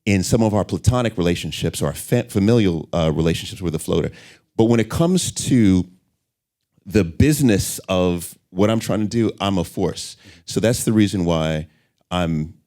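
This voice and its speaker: A middle-aged man talking candidly as an interview guest, an animated storyteller. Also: deep voice, normal speed. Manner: animated storyteller, acts out voices in anecdotes.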